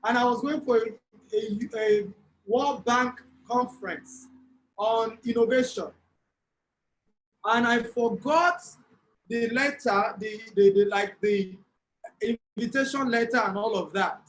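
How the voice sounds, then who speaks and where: A Nigerian man giving a motivational talk at an online summit, telling a lively story and asking the audience to type replies. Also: extremely high pitch, takes it slowly, long pauses, low-quality recording. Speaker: speaker at an online business summit.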